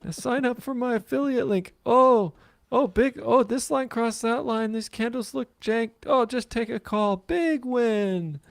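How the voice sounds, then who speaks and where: A man's voice: extremely high pitch, unhurried, creaky, dry recording, pitched above the performer's own voice, full character voice. A man voicing a boastful female YouTube trader with a mock Russian accent, showy and gloating.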